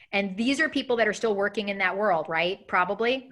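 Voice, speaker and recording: A woman in her thirties leading a live coaching webinar, talking quickly and acting out example messages in an animated way. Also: mid-range voice. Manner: fast, animated, acts out example emails. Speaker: coaching instructor.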